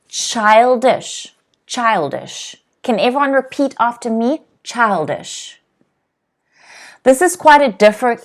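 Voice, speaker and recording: A woman teaching a live online English lesson, saying each word slowly and clearly and having viewers repeat it. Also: mid-range voice. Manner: slow, clear teacher's voice, drills words for repeating.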